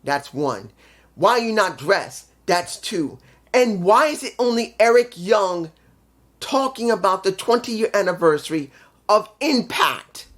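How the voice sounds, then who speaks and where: A man's voice: high-pitched, lively intonation, measured pace, fairly bright tone. A man giving a casual spoken review of a wrestling show, ranting with frustration and heavy swearing.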